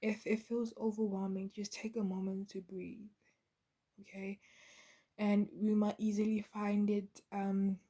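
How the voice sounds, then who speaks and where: A woman giving a channeled spiritual card reading in a soft, half-whispered, halting way, with many pauses. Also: medium pitch, little pitch movement. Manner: soft, gentle, halting with fillers. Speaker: intuitive card reader.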